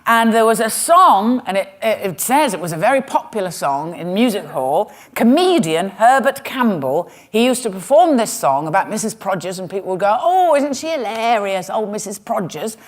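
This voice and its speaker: A woman's voice: mid-range voice, lively intonation, moderate pace, few pauses. A woman comedian telling a history story on stage with wry, sarcastic asides. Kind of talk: stand-up storytelling talk. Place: stage in a museum.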